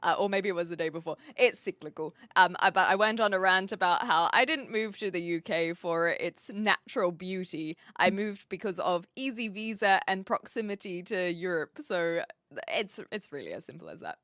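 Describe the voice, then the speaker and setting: A woman's voice: on the low side, animated, moderate pace, a bit bright, no room sound, clean studio sound. Chatty New Zealand woman streamer. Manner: chatty, thinking aloud while setting up a chat bot. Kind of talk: casual live-stream chat. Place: home room with brick walls.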